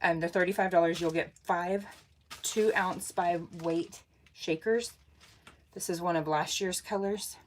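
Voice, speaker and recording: A woman's voice: fairly low pitch, steady tone, measured pace, a little hiss or hum. A woman, hosting a casual craft livestream, bubbly, laughing often and greeting viewers by name. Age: 40s.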